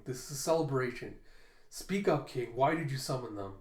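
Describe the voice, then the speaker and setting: A man's voice: medium pitch, animated, fairly quick, echoey room. A man casually reading a manga chapter aloud and reacting to it, giving the characters' lines light inflections.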